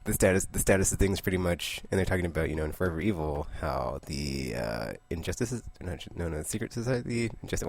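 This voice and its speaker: A man casually recapping a comic book issue, rambling, laughing often and slipping into quick character voices. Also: deep voice, darkish tone, no room sound. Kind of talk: casual comic review monologue.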